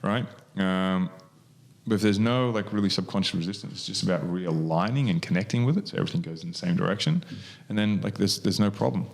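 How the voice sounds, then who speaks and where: A man's voice: deep voice, a little fast, creaky. A man, co-hosting a podcast and explaining hypnosis in loose, rambling chat full of fillers. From Australia. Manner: rambling, many fillers and restarts.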